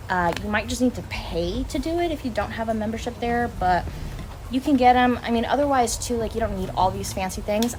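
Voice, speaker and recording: A woman's voice: mid-range voice, noisy background. A young woman talking casually to camera as a fitness vlogger, chatty, blunt and emphatic. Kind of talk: casual vlog talk to camera.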